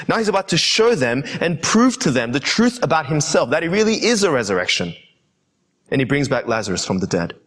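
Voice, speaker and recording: A man's voice: medium pitch, slightly rough. A young adult man preaching a sermon, earnestly addressing his listeners as friends.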